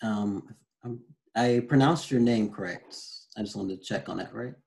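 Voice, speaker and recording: A man's voice: fairly low pitch, moderate pace, gravelly, darkish tone, poor audio. A man hosting an interview, hesitant and rambling, with many ums. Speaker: interview host.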